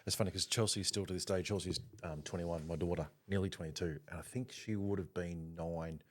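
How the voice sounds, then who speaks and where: Deep-voiced reflective man. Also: steady tone, a little fast. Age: middle-aged. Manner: reflective, questioning himself. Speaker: podcast co-host. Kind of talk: casual chat.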